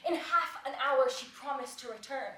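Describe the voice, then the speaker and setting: A woman's voice: high-pitched, moderate pace, slight background noise. A young woman playing an eager, impatient young girl in love on stage. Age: young adult. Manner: swings from brooding to excited outbursts. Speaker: student actor. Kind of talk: stage acting. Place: theatre stage. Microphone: far camera. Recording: echoey stage, filmed from far off.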